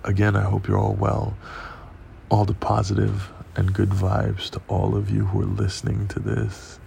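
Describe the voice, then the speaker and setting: A man hosting a podcast, telling a profane, animated story in casual monologue. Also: on the low side, moderate pace, creaky, slight background noise. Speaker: podcast host.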